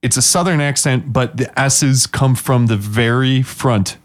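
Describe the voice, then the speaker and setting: A man's voice: medium pitch, a little slow. Rambling jokey male podcast host. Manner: jokey, rambling, restarts a lot. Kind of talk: casual chat.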